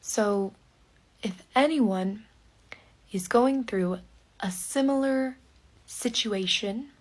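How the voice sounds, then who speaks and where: A woman telling a personal story in very slow, short phrases for English learners, sometimes dropping to a soft whisper. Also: medium pitch. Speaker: English teacher.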